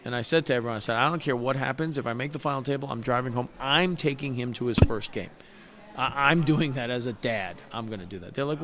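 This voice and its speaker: A man's voice: medium pitch, fast talker. Earnest middle-aged man telling a story. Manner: heartfelt, earnest, animated retelling with many restarts. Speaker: guest poker player. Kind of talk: conversational storytelling.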